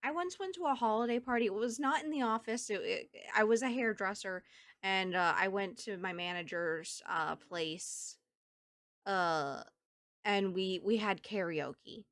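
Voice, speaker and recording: A woman's voice: medium pitch, a little slow, a bit bright, no echo, clean studio sound. A woman with a Southern US accent streaming a game, chatting casually with her viewers and thinking aloud as she plays. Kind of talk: casual gameplay chat with viewers.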